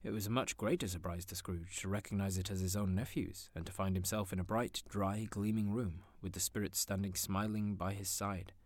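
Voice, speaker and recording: Deep-voiced male audiobook narrator. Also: a little fast, hardly any pauses. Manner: expressive, theatrical storytelling.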